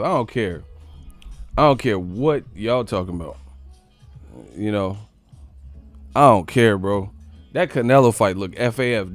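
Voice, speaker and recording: Brief: male boxing stream host, loose slangy riffing to chat, average pitch, dry sound. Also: dry recording. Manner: slangy, rambling, talks straight to chat; laughs often. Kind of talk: casual live-stream commentary.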